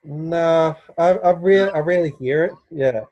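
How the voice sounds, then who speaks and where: A man's voice: a little high, a little slow, warm tone, highs cut off. A young Australian man with an Australian accent, chatting casually as a guest over a video call, rambling with lots of "like" and "man".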